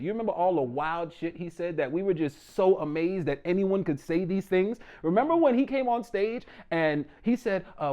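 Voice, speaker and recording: A man performing a profane, animated stand-up comedy set on a small stage in a living room. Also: high-pitched, normal speed, dull audio. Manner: loose, profane street talk, animated delivery.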